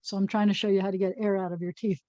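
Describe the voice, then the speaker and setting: Woman rabbi teaching a Hebrew class; patient, explanatory delivery, mellow warm tone, dry close recording. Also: mid-range voice, level tone, no echo, highs cut off. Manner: patient, explains slowly, chuckles at own jokes. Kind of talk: classroom lesson.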